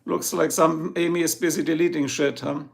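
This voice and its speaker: A German man with a German accent hosts a livestream from his home in Ohio, reading comments, joking, and greeting viewers by name. His voice is fairly high and gravelly, with fairly even intonation at a normal speed.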